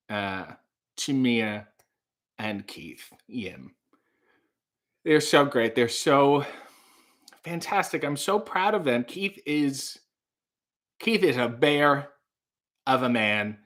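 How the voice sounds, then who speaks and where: A man's voice: on the high side, pushed and bright. A man hosting a casual livestream, reading out viewer comments and riffing on them in a rambling, playful way. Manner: rambling, playful, mock-grand asides. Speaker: livestream host.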